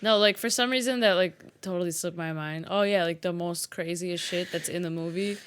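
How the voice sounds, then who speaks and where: A woman's voice: on the low side, normal speed, slight background noise. A young woman co-hosting a podcast, chatting about movies in a laid-back, giggly way with casual swearing. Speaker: podcast co-host.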